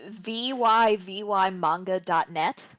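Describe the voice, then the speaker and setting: A woman's voice: medium pitch, a bit bright, dry recording. Playful woman on a dry-sounding podcast mic. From Italian heritage. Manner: playful, storytelling, quick quips. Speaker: podcast co-host. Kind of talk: casual podcast chat.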